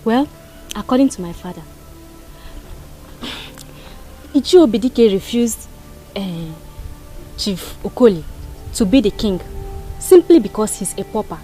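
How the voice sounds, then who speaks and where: A woman's voice: mid-range voice, expressive, normal speed, pauses often, dark tone, soft background music, lightly acted, poor audio. A woman with a Nigerian accent playing a young village woman who mocks and gossips. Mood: explaining. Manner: dismissive, mocking. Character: young village daughter, dismissive.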